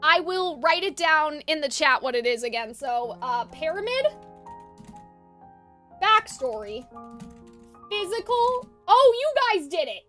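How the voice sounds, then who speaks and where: Woman, streamer, casual live chat, rambling, self-correcting, high-pitched, faint music behind. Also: big pitch swings, takes it slowly, pauses often, sharp tone. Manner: rambling and chatty, often correcting herself.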